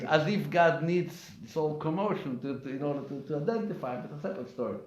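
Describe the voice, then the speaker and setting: A man's voice: a little high, fast talker, hardly any pauses, crowd noise. A man, a rabbi, giving a weekly class, telling stories and asking rhetorical questions with emphasis. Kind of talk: weekly Torah class lecture. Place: live class in a community center. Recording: echoey room, dull lo-fi sound.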